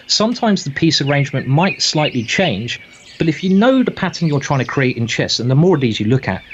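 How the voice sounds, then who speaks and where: A man narrating a chess lesson in a chatty way, with playful asides between the moves. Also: mid-range voice. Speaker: chess teacher. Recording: dull audio with clear background noise.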